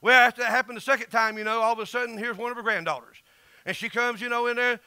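A man's voice: sits high, brisk, bright, forceful tone, no echo. A middle-aged man with a Southern US accent, preaching an emphatic, folksy sermon as pastor.

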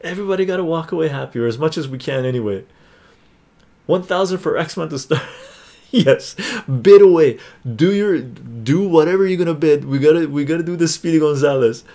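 A man's voice: a little high, moderate pace. Guy streaming live, chatty and upbeat, calls out bids like an auctioneer. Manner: upbeat, chatty, reads viewer comments aloud; excited auctioneer calling bids. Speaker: streamer hosting a points auction. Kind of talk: casual live-stream chat.

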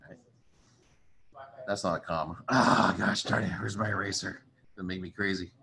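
Male chemistry teacher, lowish voice, casual, chatty, thinks aloud. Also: fairly even intonation, normal speed, creaky, bright, forceful tone, a little hiss or hum. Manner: chatty, apologetic, thinks aloud while writing. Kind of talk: casual recorded lecture.

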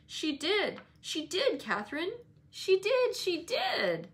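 A woman's voice: high-pitched, expressive, measured pace, pitched above the performer's own voice. A woman reading aloud, voicing a sickly, peevish teenage boy who pleads and taunts. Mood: taunting.

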